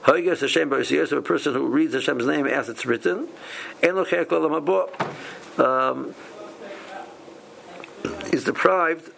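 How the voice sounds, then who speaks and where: Halting man teaching a Torah class. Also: fairly high pitch, gravelly, fairly bright tone, poor audio. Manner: halting, many restarts and repeated words. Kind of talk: halachic lesson.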